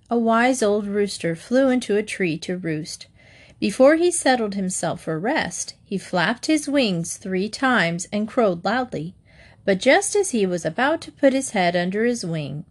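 A woman narrating children's fables in a gentle, measured storybook reading. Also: medium pitch.

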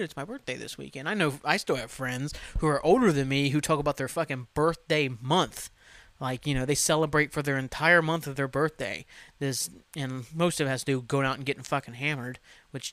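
Male podcast host, thirties, casual foul-mouthed rants, slightly high voice, dead-dry sound. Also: no room sound. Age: 30s. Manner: profane, ranting, animated asides. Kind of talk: casual solo podcast rant.

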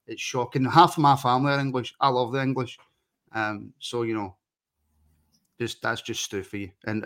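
A man's voice: medium pitch, a bit bright. A man hosting a casual football podcast, chatty and joking as he wraps up the show. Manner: jokey, chatty sign-off patter. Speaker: podcast host.

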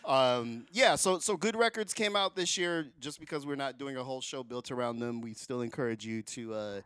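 Laid-back middle-aged podcast host, dry sound. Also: male voice, mid-range voice, moderate pace, clear, resonant tone, dry recording. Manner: relaxed, filler-heavy, enthusiastic. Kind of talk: casual chat.

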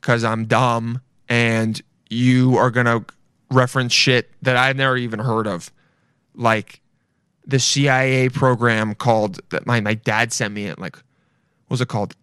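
A man's voice: mid-range voice, flat delivery, unhurried, a bit bright, clean tone, no echo, clean studio sound. A young man giving casual, profane, mocking commentary while reacting to a video, rambling as he goes.

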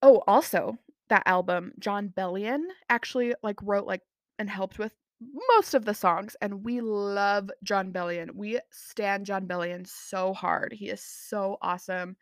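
A woman's voice: medium pitch, steady tone, unhurried, no room sound. Bubbly young woman podcast host, dry. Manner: bubbly, gushing, self-laughing. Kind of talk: casual solo podcast chat.

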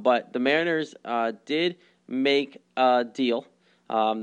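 A man's voice: mid-range voice, clear, resonant tone. Guy on a sports podcast, lots of ums and false starts, just chatting. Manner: rambling, lots of ums and restarts. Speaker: podcast co-host. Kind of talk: casual sports chat.

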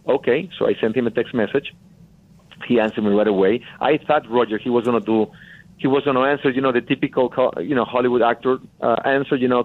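An earnest Mexican-accented man speaks as an interview guest, effusive and prone to repeating himself. His voice sits at a middle pitch and comes through a tinny, phone-like line. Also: fast talker. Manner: earnest, effusive, repeats phrases, calls the host brother. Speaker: film producer, guest. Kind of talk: casual interview.

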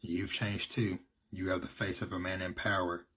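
A man reading the lines of a proud, cold and scheming young male emperor in his own low, husky voice during a story recap. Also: level tone, moderate pace, pushed and bright, exaggerated voice.

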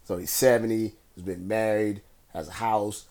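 A man with a somewhat low voice talks through current events on his own. He rambles in a relaxed, conversational way, with plenty of fillers and restarts. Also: moderate pace. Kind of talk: casual solo commentary.

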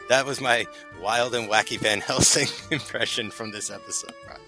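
A man's voice: mid-range voice, moderate pace, hardly any pauses, over music. A man hosting a casual film podcast, joking and laughing through what he says. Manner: jokey, laughs through his lines. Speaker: podcast host.

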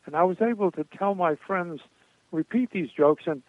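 An older man telling comedy stories as a guest in a radio interview, rambling with many pauses and restarts. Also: high voice, dry recording. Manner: rambling anecdotes with frequent uh and restarts. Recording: tinny dry phone line.

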